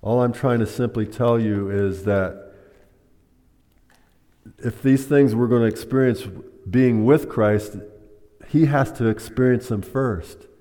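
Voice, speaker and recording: A man's voice: mid-range voice, slow pace, long pauses, mellow. A man preaching a sermon, teaching by asking the congregation questions. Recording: long hall reverb.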